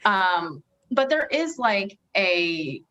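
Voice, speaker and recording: A woman's voice: medium pitch, sing-song, very slow, pushed and bright, dull audio, a little hiss or hum. A woman guest in a casual podcast chat, who talks in long runs with many fillers. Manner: rambling, heavy on filler words.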